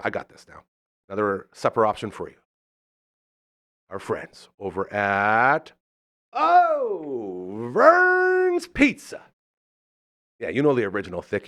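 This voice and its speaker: A man hosting a live podcast, effusive and enthusiastic, swinging between loud excitement and soft sincerity while reading sponsor spots. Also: lowish voice, dry recording, studio quality. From Canada. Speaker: host. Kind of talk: live podcast talk with ad reads.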